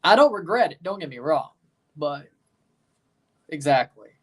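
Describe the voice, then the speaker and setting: A man's voice: fairly high pitch, very animated, a little slow, a bit bright, slightly rough. A man with a Southern US accent, chatting casually as a livestream host and answering viewers' comments. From Mississippi, US. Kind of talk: casual livestream watchalong chat.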